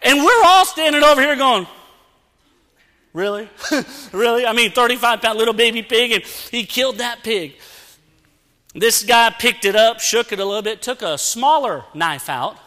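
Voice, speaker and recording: In a church sanctuary, a man preaches a storytelling sermon with lots of energy, animatedly acting out sounds and bits of dialogue. His voice is very high-pitched at a moderate pace, and the recording has long church-hall reverb.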